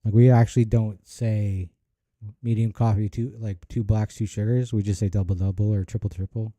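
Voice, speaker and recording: Canadian guy from Ontario, loose rambling reaction host; voice is very dark and warm, recorded dry. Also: lowish voice, fairly even intonation, moderate pace, dry recording. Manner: rambling, searching for words. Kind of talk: casual reaction commentary.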